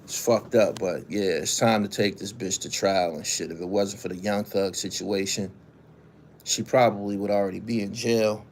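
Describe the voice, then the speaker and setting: A man's voice: on the low side, fairly even intonation, normal speed, a little mellow, slight background noise. Blunt, cursing man riffing on news. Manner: blunt, profane, reads news then riffs and answers chat. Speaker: show host. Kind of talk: casual live commentary on news.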